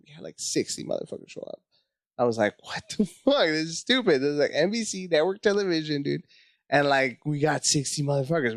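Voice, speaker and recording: A man telling a casual, profane story as a comedy guest, acting out his own panic in high voices. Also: no room sound, clean studio sound.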